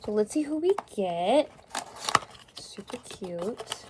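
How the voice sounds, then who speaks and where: A young woman chatting casually in an unboxing vlog, gasping and gushing excitedly. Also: medium pitch, takes it slowly, very noisy. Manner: gushing, gasping, excited over cute toys. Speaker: vlogger.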